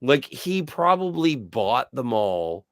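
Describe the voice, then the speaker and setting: A man's voice: mid-range voice, big pitch swings, slow, no echo, clean studio sound. A man co-hosting a podcast, talking in a thoughtful, searching way with fond praise. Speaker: podcast co-host. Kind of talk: casual podcast discussion.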